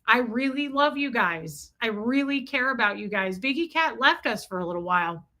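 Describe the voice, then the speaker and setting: A woman's voice: a little high, animated, moderate pace. A woman hosting a casual live stream, reading chat messages aloud and greeting viewers by name, talking in an effusive, repetitive way. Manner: effusive, repeats herself, shout-outs to chat names. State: cold, freezing. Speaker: livestream host. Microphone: streaming mic.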